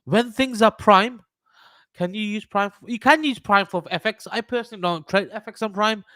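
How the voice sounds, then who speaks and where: This Birmingham-accented trader hosts his livestream in a high, sharp voice at a moderate pace. Talking loosely through charts, he curses and trades jokes with chat, captured cleanly in the studio without echo.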